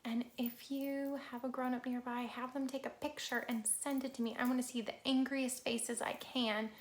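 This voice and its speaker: A woman reading a picture book aloud to children as a storyteller, lively and talking straight to her young listeners, sometimes dropping into a soft whisper. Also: sits high, moderate pace, roomy sound. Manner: animated, talks straight to children, drops to soft whispers for asides.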